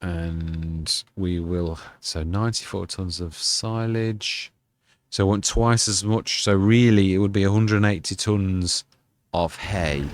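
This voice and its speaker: A man hosting a farming game let's-play, chatting casually and thinking aloud as he plays. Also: low-pitched. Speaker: gaming channel host. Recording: clear background game noise.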